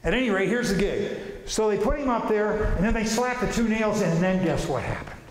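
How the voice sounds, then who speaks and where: A man's voice: sits high, expressive, brisk, slight background noise. Man, presenter, vivid casual storytelling, long hall reverb. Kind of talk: informal religious talk to an audience.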